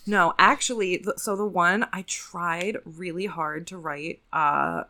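A woman's voice: lowish voice, takes it slowly. A woman who writes scripts, chatting casually on a podcast with fillers and easy laughter. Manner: relaxed, filler-heavy, laughs often.

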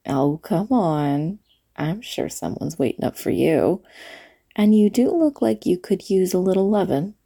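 A woman playing a flirty late-night diner waitress in an audio role-play, talking to the listener in a teasing way with breathy asides. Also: lowish voice, lively intonation, a little slow, dark tone, full character voice.

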